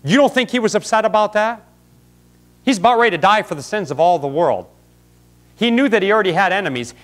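A man's voice: high voice, fairly bright tone. A man preaching a folksy, fiery sermon in a church, calling out congregants by name. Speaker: pastor. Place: church sanctuary.

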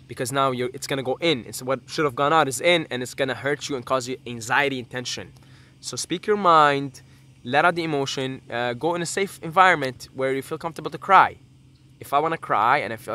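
A man's voice: mid-range voice, pushed and bright. A young man talking to his camera in a casual vlog, earnest and rambling, swearing freely and drifting off on tangents. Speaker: YouTuber.

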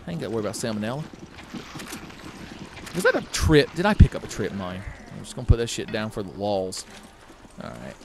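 A man riffs through a video game session, swearing freely and bursting into loud shouts. His pitch swoops all over the place. Game music plays clearly behind him. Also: very animated, fairly quick, pauses often. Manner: profane, jokey, rambling, bursts into loud exclamations. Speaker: let's play commentator. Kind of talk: casual gameplay commentary.

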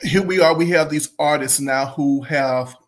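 A man's voice: on the high side, unhurried. A middle-aged man giving a casual opinion monologue about music, emphatic and repetitive, breaking into fits of laughter. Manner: emphatic, repeats phrases, bursts into helpless laughter. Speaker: music commentary host.

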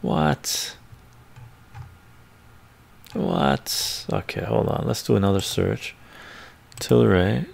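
A man's voice: lowish voice, fairly even intonation, measured pace, creaky, darkish tone. A man, the host, talking casually and thinking aloud as he browses stock charts, often muttering to himself. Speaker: finance video host. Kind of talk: casual screen-share commentary. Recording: ASMR-style close mic.

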